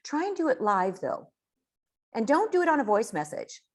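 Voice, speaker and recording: A woman giving a casual coaching talk on network marketing, chatty and animated. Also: fairly high pitch, moderate pace. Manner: chatty, animated, acts out quoted dialogue.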